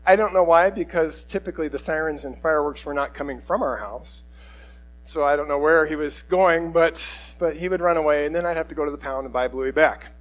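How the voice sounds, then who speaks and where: A middle-aged man preaching a sermon, telling a personal story in a conversational, animated way. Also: a little high, a little fast, poor audio. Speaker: pastor.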